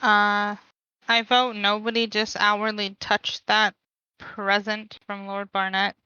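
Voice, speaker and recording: A woman's voice: mid-range voice, flat delivery, takes it slowly, bright, forceful tone, clean tone, no echo, dull audio. A woman playing a tabletop game, matter-of-fact. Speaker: player. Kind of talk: casual tabletop play.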